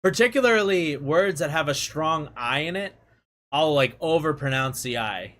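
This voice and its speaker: A man talks casually to his viewers, his pitch swinging up and down as he goes. He is chatty and laughs easily. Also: moderate pace. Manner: chatty, laughs often, animated. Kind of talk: casual chat.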